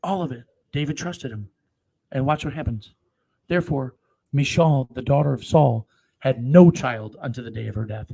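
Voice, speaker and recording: Gravelly-voiced profane male preacher. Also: mid-range voice. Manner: profane, swings between slow solemn reading and loud outbursts. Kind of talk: scripture reading with crude live commentary.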